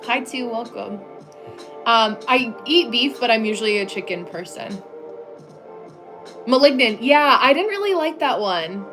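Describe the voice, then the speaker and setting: A woman's voice: on the high side, lively intonation, measured pace, long pauses, fairly bright tone, faint music behind. A woman from the United States hosting a casual live stream from her home desk, chatting loosely with viewers, full of "like" fillers and frequent laughs. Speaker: livestream host.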